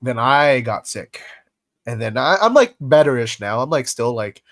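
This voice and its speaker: A young man hosts a laid-back podcast, sounding congested and a little hoarse as his voice recovers. He rambles along, restarting sentences and filling gaps with ums and likes. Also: mid-range voice, lively intonation, normal speed, fairly bright tone. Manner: rambling, lots of fillers and restarts. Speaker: podcast host. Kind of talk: casual podcast chat.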